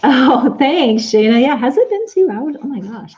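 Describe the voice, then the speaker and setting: A woman's voice: high-pitched, big pitch swings, normal speed, a little mellow, highs cut off. A woman chatting casually on a live stream while she sews at home, answering viewers' comments by name. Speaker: Etsy shop owner live-streaming while sewing.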